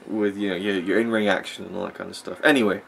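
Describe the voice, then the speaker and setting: A man with a lowish voice rambles through opinionated wrestling commentary while he watches a match. He loses track of his points and circles back to them, filling his pauses with ums and you-knows. A faint hum of room ambience sits behind him. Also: steady tone, gravelly, a bit bright. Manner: rambling, opinionated, with frequent fillers. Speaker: wrestling vlogger.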